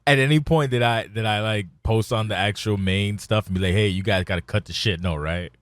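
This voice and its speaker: A man's voice: on the low side, fairly quick, no room sound. A man hosting a podcast, talking in a rambling, hesitant casual chat with some swearing.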